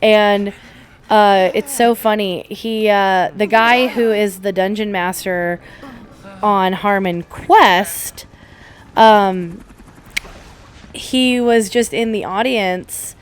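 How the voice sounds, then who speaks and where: A woman's voice: mid-range voice, fairly even intonation, slow, a little hiss or hum. A woman co-hosting a gaming podcast, chatting casually during a playthrough and retelling stories with acted-out quotes. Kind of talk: casual chat over a game playthrough.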